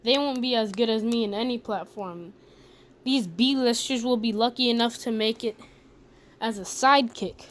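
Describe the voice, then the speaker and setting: A woman's voice: a little high, moderate pace, slight background noise, lightly acted. A woman voicing a cocky teenage boy bully who taunts in slang. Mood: mocking. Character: cocky cruel teen boy bully, loud and mocking.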